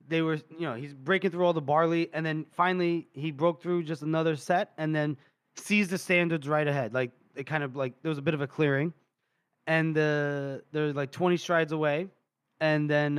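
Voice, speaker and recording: A man's voice: fairly high pitch, clean tone. A man co-hosting a podcast, retelling a book chapter in casual, rambling chat full of fillers. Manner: rambling, filler-heavy storytelling. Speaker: podcast co-host.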